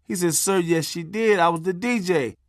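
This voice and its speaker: A man's voice: high-pitched, normal speed, dry recording, studio quality. A middle-aged man narrating his memoir in a punchy, folksy, conversational way with salty language.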